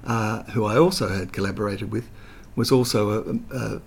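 A man's voice: on the low side, moderate pace, gravelly, husky. An older man, talking as an interview guest, telling chatty anecdotes full of fillers. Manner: chatty storyteller, hesitant with fillers, slips into voices.

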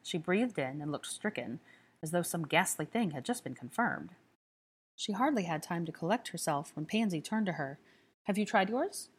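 A woman reading a story aloud as narrator, calm and even. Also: low-pitched, moderate pace, breathy edge. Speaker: audiobook reader. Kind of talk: scripted narration.

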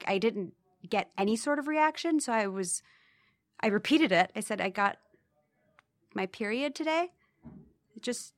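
A young woman with a fairly high voice tells a personal story in a casual, wry tone. She slips into the voices of the people in it. The sound is dry and close, with almost no room. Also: no echo. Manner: chatty, wry, acts out voices of others.

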